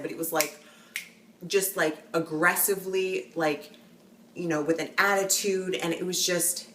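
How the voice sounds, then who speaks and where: A woman's voice: fairly low pitch, a bit bright, slight background noise. A young woman vlogger telling a story in a rambling way, full of restarts and fillers. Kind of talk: casual storytelling. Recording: roomy echo, a bit far from the mic.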